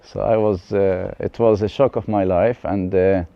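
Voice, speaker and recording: A man with an Arabic accent, a guest telling his life story in halting English with many restarts. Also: low voice, fairly even intonation, gravelly, no echo, highs cut off. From West Bank. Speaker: interview guest.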